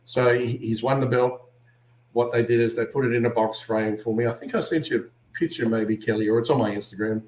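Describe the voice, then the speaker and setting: A man with an Australian accent, an actor guest on an interview, telling animated anecdotes and acting out what other people said. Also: medium pitch, brisk, echoey room, a little hiss or hum, rough recording. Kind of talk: casual interview storytelling.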